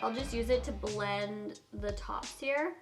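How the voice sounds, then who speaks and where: A woman's voice: medium pitch, takes it slowly, music in the background. A young woman filming a casual makeup tutorial, bubbly and gushing, often giggling. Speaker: beauty vlogger.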